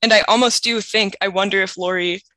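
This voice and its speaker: A woman's voice: medium pitch, fairly even intonation, fairly quick, sharp tone, no echo. A young woman co-hosting a podcast, chatting casually about a novel and retelling its scenes with plenty of "like" and light laughter. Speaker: podcast co-host. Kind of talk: casual book discussion.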